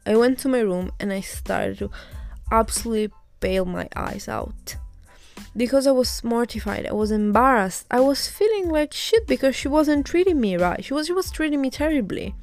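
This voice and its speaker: A woman's voice: fairly high pitch, animated, moderate pace, a little mellow, faint music behind. A young woman hosting her own podcast, candidly retelling a bad experience in a casual, indignant way with some swearing. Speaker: podcast host. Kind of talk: casual storytelling monologue.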